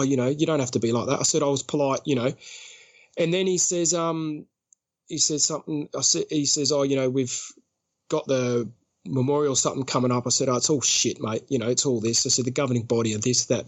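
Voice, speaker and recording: Australian man, storytelling guest, lively, mid pitch, acts out other voices. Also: fast. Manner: lively, acts out other people's lines, laughs often. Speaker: podcast guest. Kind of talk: casual storytelling.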